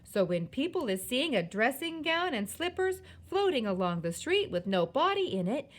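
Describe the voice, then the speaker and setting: A woman reading aloud, voicing an excited, boastful young boy who tells his dream in broken grammar. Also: high-pitched, normal speed, pitched above the performer's own voice.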